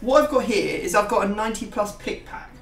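Gaming host, young, loose rambling banter; echoey room, a touch off-mic. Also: male voice, high-pitched, expressive, a little fast, vocal fry, a bit bright, distant mic, faint music behind. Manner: rambling, self-mocking banter. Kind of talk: casual gaming chat.

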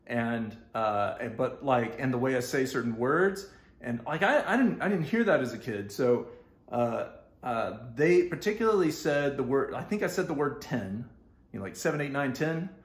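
A man's voice: medium pitch, expressive, moderate pace. A man with a Texan accent tells a story from his youth in a loose, rambling way. He stumbles through fillers and restarts and laughs as he goes. His voice rings a little in an echoey room. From Texas. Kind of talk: casual storytelling.

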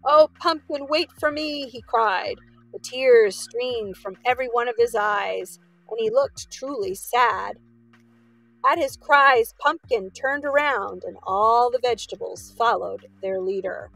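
High-voiced woman reading a story aloud. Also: takes it slowly, gravelly, rough recording. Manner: expressive, with asides to listeners.

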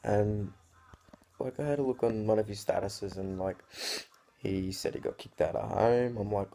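A teenage guy rants to camera in loose, sweary, rambling talk. His voice sits low and gravelly. The tone is dark and mellow. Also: moderate pace. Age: teens. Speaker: vlogger. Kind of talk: casual rant to camera.

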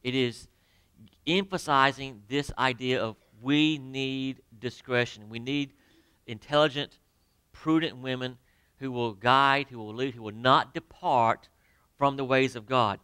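A man preaching a sermon to his congregation, emphatic, with sudden drops to near quiet and direct questions to the listeners. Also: mid-range voice, measured pace, smooth, no echo. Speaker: pastor. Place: church sanctuary.

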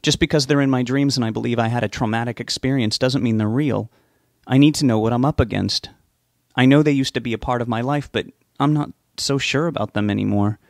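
A man's voice: mid-range voice, brisk, gravelly, no room sound, natural voice. Man reading earnest anxious young man, mid-range voice, dry close sound, pleading tone. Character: anxious, stubborn young man facing his nightmares. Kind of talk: audiobook character voice.

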